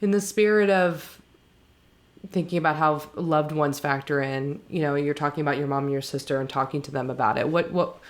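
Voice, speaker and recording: Deep-voiced woman, reflective. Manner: reflective, halting, with many restarts. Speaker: podcast co-host. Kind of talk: candid personal conversation.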